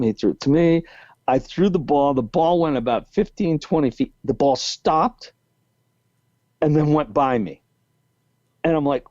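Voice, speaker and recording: Speaking in a fairly high but dark-toned voice, a man in his sixties with a New England accent tells a long, rambling story full of restarts as a podcast guest. The call audio is muffled and lo-fi, with no room sound.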